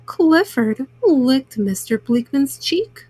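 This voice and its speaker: A woman reading a children's picture book aloud, gentle and unhurried. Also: high voice, dry recording. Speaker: children's story reader.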